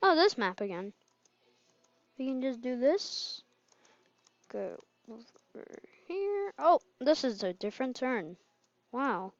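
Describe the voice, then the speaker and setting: A woman giving casual gameplay commentary, excitable and quick to laugh and yell. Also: high-pitched, no echo, dull audio. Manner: excitable, laughs and yells at wins and deaths. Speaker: gamer.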